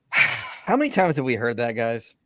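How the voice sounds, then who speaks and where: A man hosting an apologetics livestream, talking in animated bursts with fillers as he comments on a video. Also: mid-range voice, dry recording, studio quality. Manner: animated, rushes ahead in bursts, many fillers.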